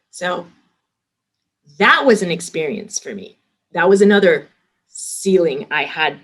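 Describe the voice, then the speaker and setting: Middle-aged woman guest, restaurant executive, slightly low voice, animated anecdotes. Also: moderate pace. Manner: lively anecdotes acting out quoted dialogue. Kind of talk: casual interview storytelling.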